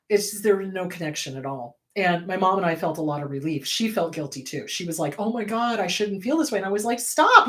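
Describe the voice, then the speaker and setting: A woman therapist hosting her own show, talking in a candid, conversational way. She is blunt and emotional, and her voice jumps up high and loud whenever she quotes someone. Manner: swings to loud, high bursts when quoting. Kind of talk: casual advice talk.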